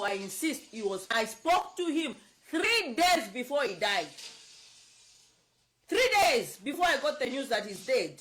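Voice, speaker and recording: Animated, emotional woman commentator. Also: high-pitched, low-quality recording. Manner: emotional, insistent, repeats herself. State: upset, near tears. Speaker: political advocate.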